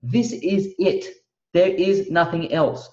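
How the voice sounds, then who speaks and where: A man giving an emphatic, preachy motivational sales pitch as a guest on a video call. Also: slow pace, mellow, echoey room, distant mic, dull audio.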